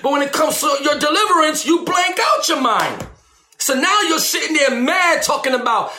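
A man preaching on deliverance, animated and emphatic, who acts out shouting ministers and calls his listeners baby. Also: extremely high pitch, moderate pace, roomy sound. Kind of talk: sermon.

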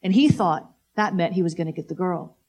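A woman preaching a sermon, exclaiming praise and repeating key lines, slowing right down to read scripture with weight. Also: lowish voice, darkish tone. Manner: exclamatory, repetitive, slows down to read scripture emphatically.

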